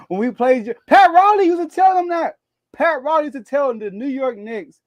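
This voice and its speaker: High-voiced, animated man debating basketball. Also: normal speed, no echo. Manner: animated, laughs often, repeats words as he thinks aloud. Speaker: sports podcast co-host. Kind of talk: casual sports debate.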